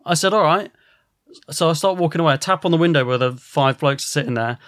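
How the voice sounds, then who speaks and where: A man, a podcast host, telling a rambling, animated story and swearing a lot. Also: a little high, quick pace, dry recording, clean studio sound. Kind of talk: casual storytelling.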